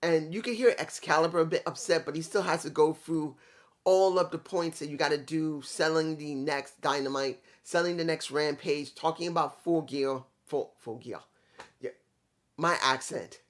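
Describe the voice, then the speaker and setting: A man's voice: fairly high pitch, fairly even intonation, normal speed. A man reviewing a wrestling show in a casual, rambling way, with some swearing and restarts.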